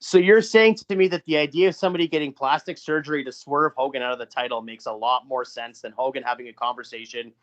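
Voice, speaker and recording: A man co-hosting a podcast, recounting a booked match in a halting way with frequent restarts. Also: mid-range voice, fairly bright tone, dull audio. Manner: halting, many restarts and fillers. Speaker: podcast co-host. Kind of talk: casual podcast chat, narrating fantasy wrestling booking.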